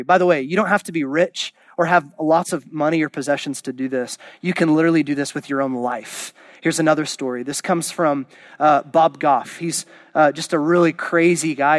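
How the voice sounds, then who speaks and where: A man preaching a sermon as pastor, telling stories and acting out the people in them. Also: a little high. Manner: storytelling, acts out quoted voices.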